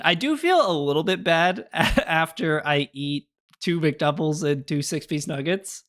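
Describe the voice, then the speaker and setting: Rambling, lively young man streaming. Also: fairly high pitch, a little slow. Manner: rambling and chatty, answering chat with laughs. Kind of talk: casual live-stream chat.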